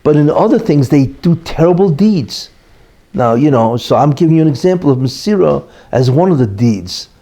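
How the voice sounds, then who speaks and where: A man's voice: a little high, expressive, normal speed, mellow. A man, a rabbi, giving an informal Torah class, telling a story and acting out its characters, talking in a loose conversational way full of "you know". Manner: acts out quoted characters in the story.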